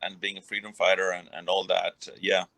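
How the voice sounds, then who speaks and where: Bright-voiced man rambling. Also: deep voice, flat delivery, brisk, gravelly, dry recording. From Ireland. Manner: rambling, many restarts and fillers. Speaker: guest, retired boxer. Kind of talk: casual interview conversation.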